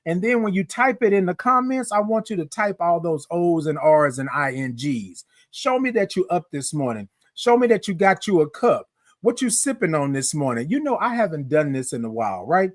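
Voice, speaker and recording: A man hosting a live-streamed morning show, chatty and lively, calling out greetings to his viewers. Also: on the high side, moderate pace, dry recording, clean studio sound. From Houston, Texas. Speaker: host.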